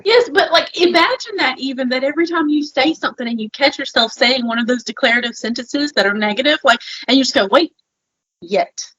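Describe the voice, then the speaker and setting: Lady cohost on a podcast, bubbly and chatty, kinda breathy, higher voice, dull dry audio. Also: fairly quick, no room sound. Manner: animated, bubbly, laughs often. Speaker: podcast co-host. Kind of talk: casual podcast chat.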